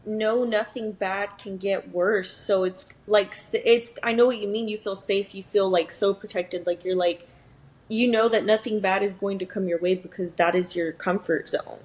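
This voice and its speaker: A woman's voice: mid-range voice, fairly even intonation, normal speed, a little mellow, low-quality recording. A young woman co-hosting a podcast in casual chat, filling her talk with "like" and "you know.". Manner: chatty, says "like" and "you know" often. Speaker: podcast co-host.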